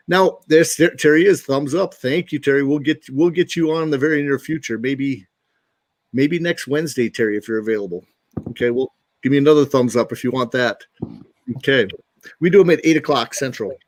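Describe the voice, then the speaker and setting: A man's voice: on the high side, dry recording. A man hosting a casual live talk show, rambling and speaking straight to his viewers. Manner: friendly, rambling, addresses viewers directly. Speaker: podcast host.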